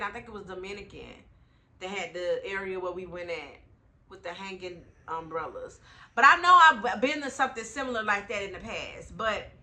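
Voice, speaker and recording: Young woman travel vlogger, bright sharp voice, a bit high, lively slangy storytelling. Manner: slangy, animated, talks straight to viewers. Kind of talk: casual travel vlog storytelling.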